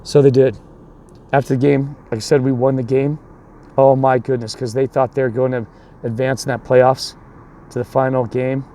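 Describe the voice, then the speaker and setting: A man's voice: medium pitch, flat delivery, normal speed, dark tone, a little hiss or hum. A man coaching youth baseball tells a long story in a rambling way, restarting often and acting out the other people, then turns it into a sermon. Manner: repeats and restarts a lot, voices the other people in his story.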